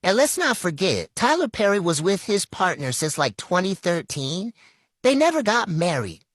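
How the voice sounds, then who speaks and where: A woman with a low voice that rises and falls a great deal delivers critical commentary. She presses her points hard and repeats phrases for weight, recorded dry and close. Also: big pitch swings, moderate pace, dry recording. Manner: emphatic, critical, repeats for stress. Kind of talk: opinion commentary.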